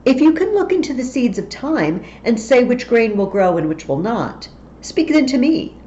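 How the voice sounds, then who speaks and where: A woman's voice: fairly high pitch, big pitch swings, moderate pace, dark tone, slight background noise, voice pushed up. A woman voicing a wary male nobleman and soldier who declaims searching questions, from a slightly dull recording. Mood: wondering.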